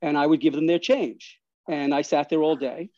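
Animated New man telling stories. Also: fairly high pitch, moderate pace, dry recording. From New York. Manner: animated, restarts, laughs mid-story. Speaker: podcast guest. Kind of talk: casual storytelling. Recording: slightly dull dry recording.

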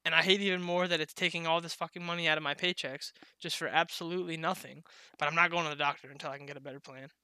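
A man's voice: on the high side, steady tone, very fast, pushed and bright, clean tone, no echo. A young man chatting casually on a podcast, laughing often and swearing freely as he rambles.

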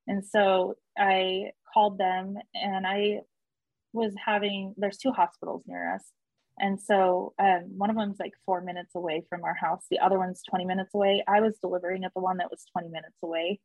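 A young woman chatting through a personal story as an interview guest, animated when she quotes people and laughing often. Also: medium pitch, moderate pace, no room sound, phone-quality sound. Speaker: guest telling her birth story.

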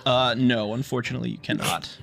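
A man's voice: medium pitch, fairly even intonation, a little fast, gravelly, a bit bright, faint music behind. Laid-back man running a tabletop game. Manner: laid-back, casual narration with filler words. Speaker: game master.

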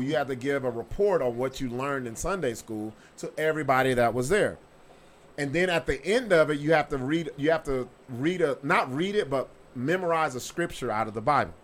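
A man hosting a podcast, telling stories in casual chat with a swaggering, profane delivery. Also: medium pitch. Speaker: podcast host.

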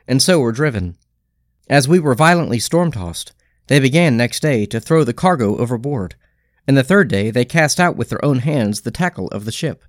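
A man reading scripture aloud in a slow, measured liturgical style, pausing phrase by phrase. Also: medium pitch, dry recording, clean studio sound. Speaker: scripture reader.

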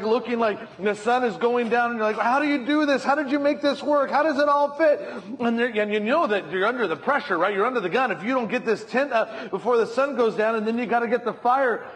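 A man's voice: extremely high pitch, fairly bright tone. A male pastor preaching a sermon from a church stage, telling stories and acting out voices. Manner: storytelling, acts out voices in anecdotes.

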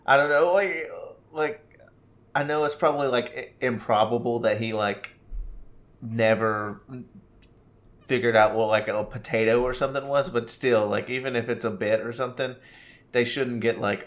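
A man's voice: medium pitch, steady tone, normal speed. A young man on a casual podcast, talking hesitantly, hedging and restarting his sentences. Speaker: podcast co-host.

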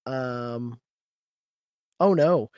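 A man's voice: medium pitch, very slow, a little mellow, smooth, no echo. A man co-hosting a podcast in casual banter, sarcastic and joking, swearing and laughing often. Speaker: podcast co-host.

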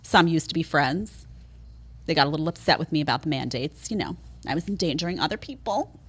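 A woman's voice: sits low, fairly quick, slightly rough. A woman from New York hosting a podcast, giving opinionated, sarcastic commentary. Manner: sarcastic, animated, mocking impressions. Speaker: podcast host.

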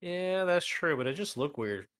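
A man's voice: sits high, animated, normal speed, a bit bright, no echo. A man co-hosting a live stream talk show, bantering with jokes at his own expense. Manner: joking, self-deprecating banter. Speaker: podcast co-host. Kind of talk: casual chat.

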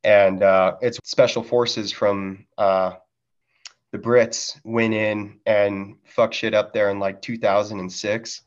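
A man's voice: lowish voice, little pitch movement, slow pace. A man telling casual stories from his military service as a podcast guest, laid-back and freely swearing, in a dull lo-fi recording. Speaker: podcast guest, Marine veteran. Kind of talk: casual storytelling chat.

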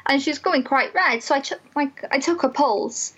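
Young woman, slightly high voice, emotional storytelling, filler-heavy, dull lo-fi recording. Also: normal speed. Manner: animated, emotional, lots of "like" fillers. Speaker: student mental health nurse, guest. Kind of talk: casual personal storytelling.

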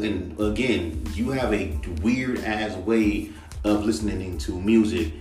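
A young man hosting a podcast, ranting casually and profanely about rap and imitating other rappers' flows. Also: on the low side. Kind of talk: casual solo rant. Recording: echoey room, mic at a distance, faint music.

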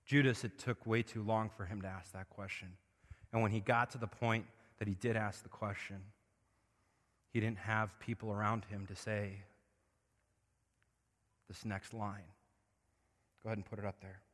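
A man preaching a sermon as pastor, moving between hushed, intimate passages and loud, impassioned swells. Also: lowish voice, little pitch movement, normal speed, long pauses, long reverb tail.

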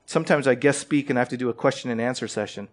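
A man's voice: mid-range voice, rapid-fire. A man preaching a sermon as pastor. He presses his points with direct questions and rising emphasis, and often repeats words as he starts a phrase.

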